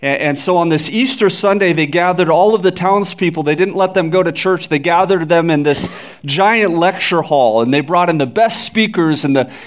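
A man's voice: a little high, moderate pace. A male pastor giving an Easter sermon, telling stories that build to raised peaks and joking with the congregation. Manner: storytelling, builds to raised climaxes; jokes with the congregation.

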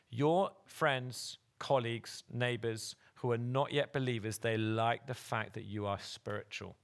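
A male pastor delivers a sermon at a church service, his voice gravelly with a mid-range pitch. He talks to the congregation in an earnest, direct way, pressing them to act. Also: fairly bright tone.

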